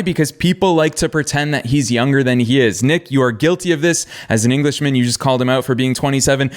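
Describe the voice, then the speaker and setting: A man's voice: mid-range voice, clean tone. A man co-hosting a soccer podcast, direct and opinionated, steering the conversation. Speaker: co-host. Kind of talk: casual podcast chat.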